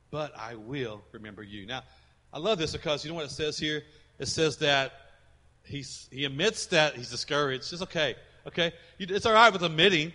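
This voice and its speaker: Bright-voiced preaching man, echoing hall. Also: a little high. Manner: emphatic preaching with sharp swings between loud and soft. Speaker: pastor. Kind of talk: sermon. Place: church sanctuary with congregation. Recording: reverberant hall.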